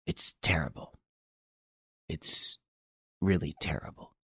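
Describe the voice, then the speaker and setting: Narrator doing a cool gentleman detective, low and husky, calm and measured, dry close sound. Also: no echo. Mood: grave. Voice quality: husky, hushed. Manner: grave and measured. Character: calm, shrewd gentleman investigator.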